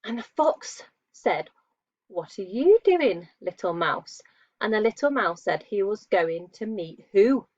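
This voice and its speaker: A woman's voice: mid-range voice, dry recording. A woman teaching young children in a patient lesson, asking them questions and praising them while she draws. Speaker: primary school teacher. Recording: dull lo-fi dry sound.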